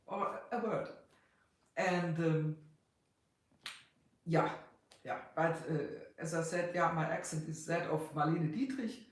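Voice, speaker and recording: A middle-aged person from West Germany with a German accent tinged with Austrian, chatting casually on a livestream, halting and full of fillers, greeting viewers in several languages. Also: medium pitch. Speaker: livestream host. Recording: very echoey room.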